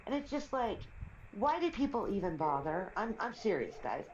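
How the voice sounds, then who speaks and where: A middle-aged woman chats casually on a live stream, rambling through stories and laughing often. Her mid-range voice is very animated at a normal speed, with a little hiss or hum. The stream audio sounds roomy and slightly dull.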